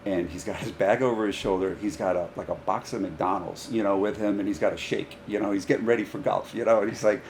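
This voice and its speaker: A deep-voiced man chatting about coaching high school golf. He tells stories with energy and slips into the voices of the people in them, over a light hiss of background noise. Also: fast, hardly any pauses. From Rhode Island, US. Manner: animated, acts out dialogue in stories. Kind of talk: casual podcast storytelling.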